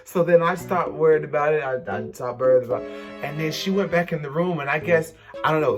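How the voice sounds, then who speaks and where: A young man vlogger casually telling a storytime story, animated and slangy, acting out what people said. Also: on the high side. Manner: animated, slangy, acts out quotes.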